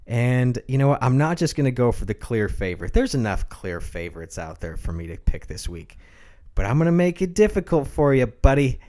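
A man's voice: mid-range voice, big pitch swings, fairly quick, warm tone. A man co-hosting a podcast, chatting casually about football picks in a teasing, joking way. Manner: teasing, chatty, laughs often. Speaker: podcast co-host. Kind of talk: casual sports chat.

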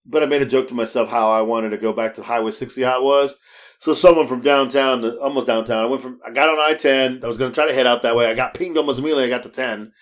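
A man's voice: medium pitch, quick pace. A man telling stories in casual chat on a podcast. He laughs often, swears freely and acts out the voices of the people he quotes. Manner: animated, laughing storyteller with frequent restarts. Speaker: podcast co-host.

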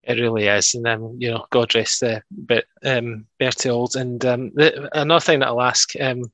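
Bright, dry-sounding male interviewer. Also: medium pitch, level tone, normal speed, dry recording. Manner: hesitant, many ums. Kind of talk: casual interview.

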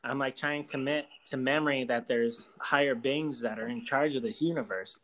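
A man's voice: mid-range voice, moderate pace, a bit bright, rough recording. Rambling, swearing man telling a story. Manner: rambling, heavy swearing and filler "like". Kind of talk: casual storytelling.

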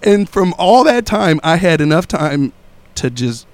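A man's voice: a little high, big pitch swings, a little slow, no room sound. A young man telling a wild story in casual chat, laughing often and acting out voices and sounds.

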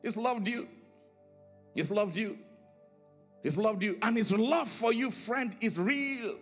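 A pastor preaches slowly in a high, bright voice, swinging suddenly in pitch and volume, rising into sing-song emphasis and dropping to quiet, low lines. He leans on repeated phrases while faint music plays softly behind him.

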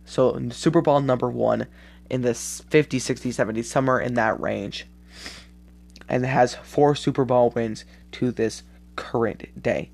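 A man with a gravelly, rough-edged voice hosts his own sports podcast. He talks in a loose, rambling way with plenty of ums and sounds a bit tired. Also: mid-range voice, measured pace, darkish tone. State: tired, yawning. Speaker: podcast host. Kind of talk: casual solo sports podcast.

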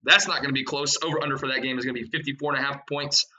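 A young man hosting a sports betting podcast, rattling off picks and odds in a fast, excited way. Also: mid-range voice, muffled recording. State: out of breath. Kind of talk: energetic podcast chat.

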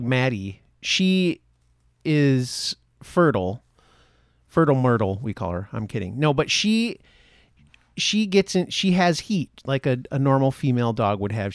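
A man's voice: mid-range voice, clean tone, no room sound, studio quality. A man hosting a podcast, chatting casually with a jokey, rambling manner. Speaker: podcast host. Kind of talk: casual chat.

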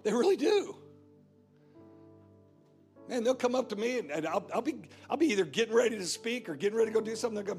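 A man's voice: sits high, lively intonation, fast, long pauses, darkish tone, soft background music. A man preaching a sermon as guest pastor, emphatic and repetitive, driving points home again and again. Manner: emphatic preaching with repeated phrases. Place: church.

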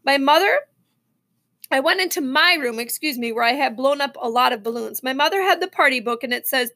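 A woman reading a children's novel aloud, expressive, with small slips and restarts. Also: high voice, fairly quick. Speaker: reader.

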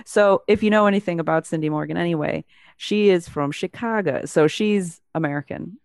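A woman's voice: on the low side, a little fast, gravelly, a little mellow, no echo. Woman co-host, casual chatty delivery, dry close mic. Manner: chatty, laughs often, many fillers. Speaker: podcast co-host. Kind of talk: casual chat.

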